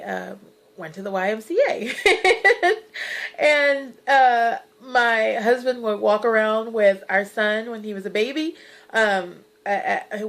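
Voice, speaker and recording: This rough recording captures a thirty-something woman whose medium-pitched voice sounds a bit bright. In her personal weight-loss vlog she earnestly cheers viewers on, uses lots of fillers, and gets tearful now and then.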